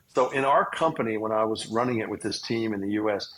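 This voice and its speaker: A man's voice: lowish voice, fast talker, fairly bright tone, poor audio. A man, a guest telling long, rambling stories in an interview. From Southern United States. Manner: rambling, self-aware storyteller. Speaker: guest, healthcare entrepreneur and investor. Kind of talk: storytelling interview.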